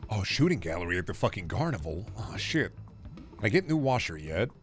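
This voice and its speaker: A man's voice: on the low side, sing-song, brisk. A man streaming a game from his home setup, chatting casually and sardonically, swearing freely and muttering to himself. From Iowa. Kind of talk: casual gameplay streaming chat. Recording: faint music behind.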